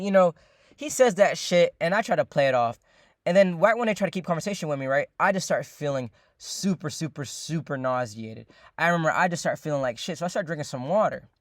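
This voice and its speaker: Speaking quickly in a voice a bit high for a man, a young guy launches into a rambling storytime monologue, calling his audience "ladies and gentlemen." He swears a lot, repeats himself, and fills gaps with filler words. The recording is close and dry, with no room sound and no echo.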